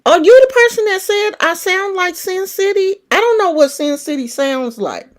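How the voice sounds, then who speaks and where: A woman's voice: extremely high pitch, lively intonation, normal speed. A middle-aged woman with a California country twang, chatting casually and rambling as a livestream host. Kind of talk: casual chat.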